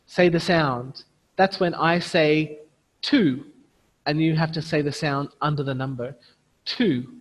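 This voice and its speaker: Slow, deliberate male phonics teacher. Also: a little high, in a large hall. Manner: slow, deliberate teacher voice, exaggerated phonics sounds and chanting prompts. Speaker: teacher trainer. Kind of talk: online teacher training with classroom demonstrations.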